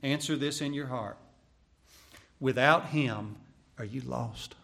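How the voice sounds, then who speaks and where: A male preacher with a gravelly, fry-edged voice at a middling pitch. He preaches dramatically, repeating his lines, dropping to a near whisper and then rising to a shout. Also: slow pace. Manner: dramatic, swings from hushed to shouting, repeats phrases. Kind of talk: sermon.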